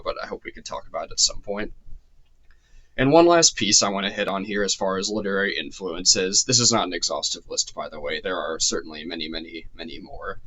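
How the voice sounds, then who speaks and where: A man gives an unscripted literature lecture in a lowish, bright, forward voice. He wanders off on side points and fills gaps with ums and restarts. His voice sounds a little strained. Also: dull audio. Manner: loose and digressive, many ums and restarts. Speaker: literature course teacher.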